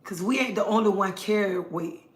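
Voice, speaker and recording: In a roomy, echoing space, a middle-aged woman with a mid-range voice speaks at normal speed. She hosts a casual livestream monologue, earnest and preachy, repeating her points for emphasis.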